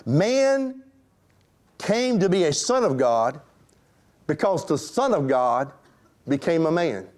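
A man's voice: a little high, animated, unhurried, pauses often, darkish tone. A man preaching a sermon to his congregation, emphatic and rhetorical, addressing them directly. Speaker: pastor.

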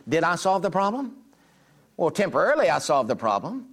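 A man's voice: on the high side, big pitch swings, brisk, a bit bright. A middle-aged man preaching a sermon, telling homely stories and acting out the dialogue in them. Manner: folksy storytelling, acts out quoted dialogue. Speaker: pastor.

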